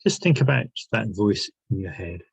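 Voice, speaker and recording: A man's voice: lowish voice, expressive, moderate pace, gravelly, husky, no room sound, muffled recording. A man leading a self-help workshop, talking through guided reflection with many questions and restarts. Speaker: workshop leader.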